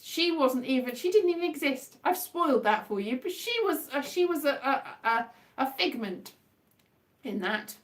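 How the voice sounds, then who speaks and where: Woman, livestream host; high, very lively voice; rambling, wry, self-mocking chat. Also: moderate pace.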